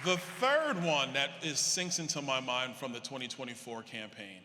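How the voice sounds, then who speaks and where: A man giving a political convention speech, telling stories to a live audience with animated energy, acting out the dialogue. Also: mid-range voice, moderate pace, background noise. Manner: animated, acts out quoted dialogue. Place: large convention hall. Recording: reverberant hall with faint crowd ambience.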